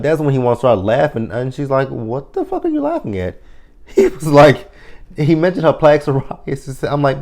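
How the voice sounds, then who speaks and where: A man's voice: on the low side, a little mellow. A man in his thirties casually recapping a TV episode, chatty and profane, laughing often. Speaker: TV episode reviewer.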